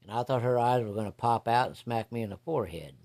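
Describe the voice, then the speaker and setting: A man's voice: medium pitch, quick pace, a little mellow. A man casually telling a story from his own life in a blunt, folksy, profane way. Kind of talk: casual first-person storytelling.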